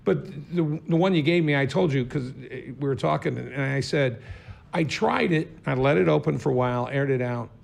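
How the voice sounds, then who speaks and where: A man's voice: mid-range voice, normal speed, gravelly. A man co-hosting a casual chat, joking and playful. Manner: joking, playful, laughs easily.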